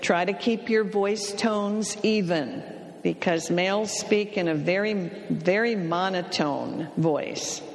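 A middle-aged woman from California giving a storytelling talk about communication, speaking slowly and deliberately and acting out the voices she quotes. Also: medium pitch, big-room sound.

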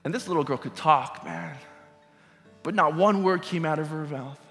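His voice is a little high and a bit bright, with vocal fry and a moderate pace. The middle-aged man is a pastor delivering a sermon, sharing a personal story in a conversational way and asking the audience questions, recorded in an echoey hall with music.

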